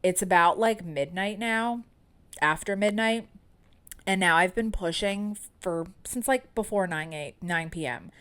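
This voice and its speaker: A woman's voice: mid-range voice, measured pace, fairly bright tone, smooth. A woman in her thirties, a podcast host telling a candid personal story in a chatty way, full of fillers.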